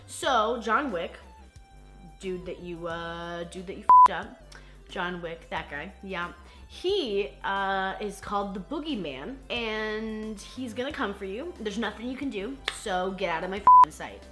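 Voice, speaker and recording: A woman voicing a gruff, powerful crime boss father who talks haltingly, with hesitations and cursing. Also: mid-range voice, lively intonation, loud music behind the voice, close to an everyday voice. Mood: blunt.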